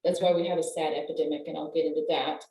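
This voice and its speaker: An older woman, a wellness professional and guest, explaining things in an animated way and laughing as she talks. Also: sits low, quick pace, a little hiss or hum. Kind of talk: conversational explaining. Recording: roomy, distant from the mic.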